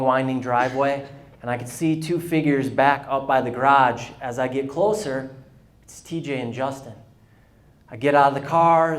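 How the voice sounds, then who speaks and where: A man giving a personal testimony at a business luncheon, telling his story candidly and acting out the dialogue. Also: mid-range voice. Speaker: guest speaker.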